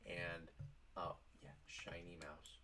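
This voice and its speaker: A man's voice: low voice, monotone, slow, background noise. A man vlogging casually, telling a work story in a rambling way with lots of "like". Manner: rambling, heavy use of "like".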